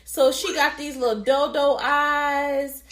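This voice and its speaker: Casting note: a high-voiced woman in her forties, blunt and cussing freely, recorded in an echoey room. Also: steady tone, slow pace, a bit bright. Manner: blunt, profane and laughing. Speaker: podcast co-host. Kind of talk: casual chat.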